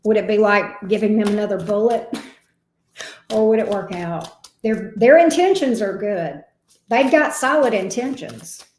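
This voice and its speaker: A woman's voice: medium pitch, lively intonation, measured pace, darkish tone, echoey room, a little hiss or hum. A woman giving a casual, emotional tarot reading. She talks expressively and swears now and then. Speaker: tarot reader.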